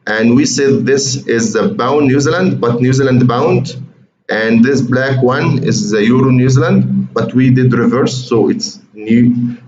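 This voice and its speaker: With a mid-range, slightly mellow voice, this man is a trading educator leading a screen-share walkthrough of charts. He chats in a conversational way, repeats his words, and keeps calling viewers "guys." Faint hiss sits beneath a roomy, muffled recording.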